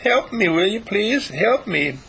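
A man voicing a small injured bird that pleads sweetly for help, in a high piping voice. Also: lively intonation, measured pace, vocal fry, pushed and bright, husky, heavily acted, low-quality recording. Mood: pleading.

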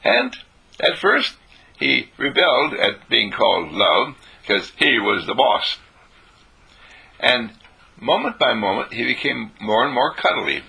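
A man giving an informal spiritual talk, telling stories and repeating phrases for emphasis, clearing his throat now and then. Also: medium pitch, sing-song, takes it slowly, pushed and bright.

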